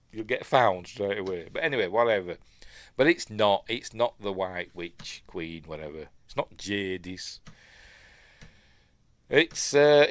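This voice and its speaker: A man's voice: fairly low pitch, fairly bright tone, dry recording. A man with a Yorkshire accent hosting a live film breakdown, chatting along and muttering asides under his breath. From Yorkshire, England. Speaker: film review host.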